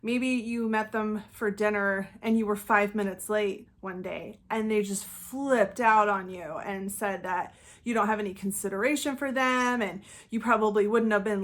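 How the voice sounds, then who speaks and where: A woman speaks straight to her viewers in a loose, conversational way. Her voice sits at a middle pitch. She now and then slips into quoted voices before going back to her own easy tone. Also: fairly even intonation, normal speed. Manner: conversational, acts out quoted outbursts with laughs. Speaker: channel host. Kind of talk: casual talking-head commentary.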